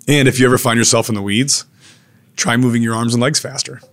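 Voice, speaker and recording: A man's voice: mid-range voice, steady tone, quick pace, fairly bright tone. A man, a chef and restaurateur, talking casually in an interview, blunt and laid-back, calling people "man" and "dude" and swearing now and then.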